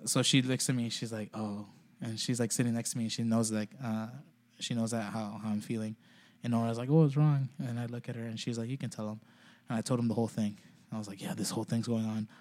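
Male guest, talks fast, rambling and profane, casual podcast chat. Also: mid-range voice, fairly even intonation, darkish tone. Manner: rambling, heavy swearing, many "like" fillers.

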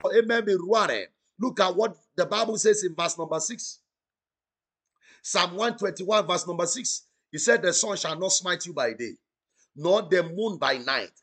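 A male pastor with a high, slightly bright voice and a breathy edge prays fervently on an online broadcast. He chants repeated declarations, breaks into tongues, and commands the audience to respond in this prophetic prayer.

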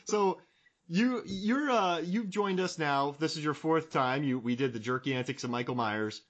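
A man's voice: a little high, moderate pace, a bit bright, muffled recording. A man in his forties hosting a casual podcast chat, joking and rambling, fond of comic bits. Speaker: podcast host.

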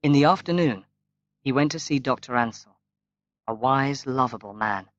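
A man reading a novel aloud as an audiobook narrator, in a slow, measured way. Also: medium pitch, dry recording. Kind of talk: scripted narration. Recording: dull, lo-fi, dry recording.

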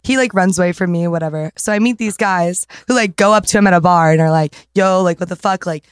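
A young woman telling a long story in casual chat, rambling fast with lots of "like" and swearing. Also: lowish voice, smooth, dry recording, clean studio sound.

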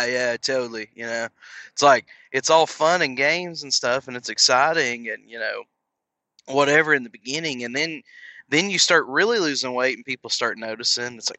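Bright-voiced man rambling on his podcast. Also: mid-range voice, moderate pace, dry recording. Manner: rambling, filler-heavy, self-deprecating; acts out voices of people in his stories. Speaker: podcast host. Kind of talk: casual podcast monologue. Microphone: headset.

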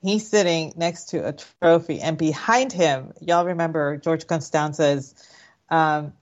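Female co-host, lower voice, rambling chat, muffled recording. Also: a little slow, a little mellow. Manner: rambling, restarts, conversational. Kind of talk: casual chat. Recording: muffled lo-fi audio.

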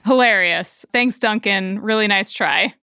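A woman's voice: medium pitch, measured pace, pushed and bright, slight background noise. A woman co-hosting a podcast, recapping a TV show with wry, sarcastic quips. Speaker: podcast co-host. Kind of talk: casual TV recap chat.

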